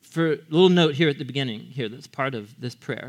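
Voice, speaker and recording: A man's voice: mid-range voice, brisk. A man preaching a sermon in a conversational way, often asking his audience questions. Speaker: pastor.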